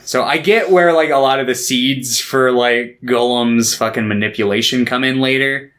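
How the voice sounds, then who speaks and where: Man, podcast co-host, casual movie chat, profane, loose retelling, quick put-on voices. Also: medium pitch, fairly bright tone.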